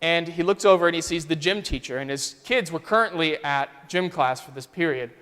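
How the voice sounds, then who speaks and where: A man's voice: a little high, brisk, bright, forceful tone, clear, resonant tone. A male pastor telling a story in a conversational, vivid sermon style, in a church sanctuary. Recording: long church reverb.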